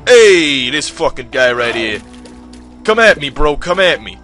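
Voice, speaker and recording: A man's voice: a little high, sing-song, a little slow, a bit bright, faint music behind. A man doing a put-on Brooklyn Italian accent as a swaggering, cursing tough guy while playing a game.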